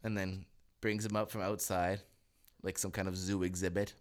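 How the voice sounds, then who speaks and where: A young man co-hosting a podcast, telling animated stories in casual chat, swearing freely and laughing as he goes. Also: low-pitched, moderate pace. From Canada. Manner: animated storyteller, swears, acts out voices with laughs. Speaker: podcast co-host.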